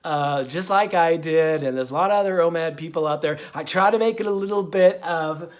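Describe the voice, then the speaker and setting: A man's voice: a little high, brisk. A man hosting his own diet vlog, talking in a folksy, meandering way full of fillers and drifting off topic. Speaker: vlogger and diet channel host. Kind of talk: rambling casual monologue.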